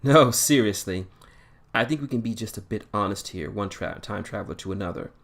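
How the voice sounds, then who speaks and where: Composed starship captain, male, low and measured; a man reads him close to his own voice. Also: gravelly, fairly bright tone. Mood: probing.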